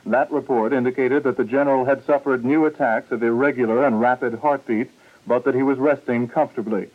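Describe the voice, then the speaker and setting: A man anchors an hourly radio newscast, reading the headlines in a steady, formal way. The sound is thin and narrow, like an old broadcast heard through a small speaker. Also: medium pitch, brisk. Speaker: news anchor.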